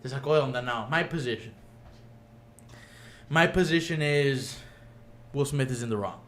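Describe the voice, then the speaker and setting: A man's voice: medium pitch, moderate pace, a bit bright, reverberant, a little hiss or hum. A man chatting casually on a podcast, telling a story with animation, acting out what others said and switching between Spanish and English mid-sentence. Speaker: podcast host. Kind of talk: casual chat.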